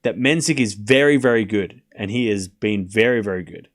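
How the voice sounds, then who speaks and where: A man runs a live tennis watchalong, calling the score between points and bickering sarcastically with his chat. His voice sits lowish and moves at normal speed as he mixes commentary with casual viewer talk.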